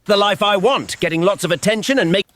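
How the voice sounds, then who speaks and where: Casting: a high, wishful cartoonish gorilla who wants fame, voiced by a synthetic male voice. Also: quick pace, fairly bright tone. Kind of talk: AI-generated video voice.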